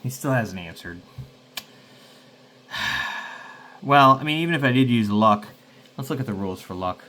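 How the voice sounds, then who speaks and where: A man's voice: medium pitch, lively intonation, moderate pace, bright, forceful tone. A man casually playing a solo tabletop game, rambling and thinking aloud to himself. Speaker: solo game player and host.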